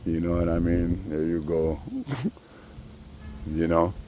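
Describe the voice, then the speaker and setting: Very deep-voiced man rambling in his vlog. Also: animated, slow pace, dark tone, slight background noise. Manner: profane, storytelling, full of asides. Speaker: vlogger. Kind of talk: rambling personal vlog monologue.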